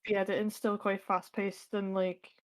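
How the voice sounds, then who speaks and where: A woman co-hosting a casual film podcast, relaxed and agreeable, often answering with short replies. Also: medium pitch, moderate pace. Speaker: podcast co-host. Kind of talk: casual film discussion chat.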